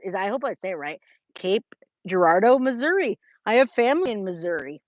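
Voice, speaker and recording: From a trailer, a woman from California runs a casual livestream, reading chat and greeting viewers by name, with lots of restarts. Her voice is a little high, with no room sound in the dry, slightly dull lo-fi recording.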